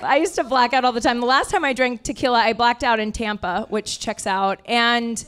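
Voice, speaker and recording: A brash, profane woman in her thirties riffs through improvised stand-up, her voice pitched high. She mocks herself and the crowd freely, talking into a stage mic. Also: steady tone, normal speed, fairly bright tone. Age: 30s. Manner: brash, profane, self-deprecating. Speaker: stand-up comedian. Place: comedy club stage.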